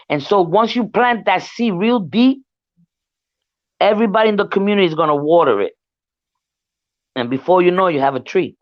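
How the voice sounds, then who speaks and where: A middle-aged woman guest on a remote call who talks in an emphatic, rallying way, slowing down for key words. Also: fairly low pitch, lo-fi sound. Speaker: guest, community leader. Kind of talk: casual discussion on a call.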